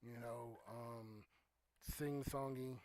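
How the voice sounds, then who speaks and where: A man hosting a relaxed livestream talk show who greets viewers and reads their comments, talking loosely with plenty of "you know" and "um". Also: medium pitch, slow pace, dry recording. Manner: relaxed and conversational, with frequent "you know" and "um", trailing off quietly. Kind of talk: casual chat, reading and answering viewer comments.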